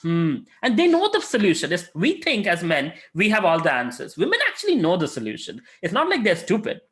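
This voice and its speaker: A man's voice: sits high, wildly swooping pitch, a little fast, a bit bright. A man giving an informal spiritual lesson as a lecturer and mentor, talking conversationally with frequent filler sounds and acted-out quotes.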